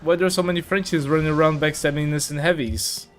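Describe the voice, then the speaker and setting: A man's voice: on the high side, fairly even intonation, fast talker, a bit bright. A man streaming a game, chatting casually, reading chat aloud and filling gaps with "like" and "uh". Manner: chatty, reads chat aloud, many fillers. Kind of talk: casual live-stream commentary.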